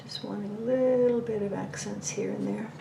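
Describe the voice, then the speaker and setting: Narrating casually while she paints, a woman teaching painting explains each step, thinking aloud and frequently sinking to almost a whisper. She speaks at a moderate pace in a steady, gravelly mid-range voice, captured in a roomy space with background noise.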